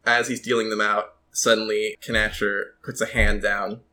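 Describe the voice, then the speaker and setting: A man narrating as game master, animated and often laughing. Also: lowish voice, moderate pace.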